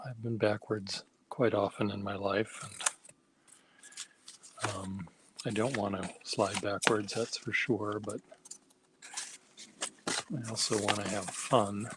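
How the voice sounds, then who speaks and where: A man talking casually to himself while making a craft, halting and soft-spoken, thinking aloud. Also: on the low side, steady tone, heavy background noise.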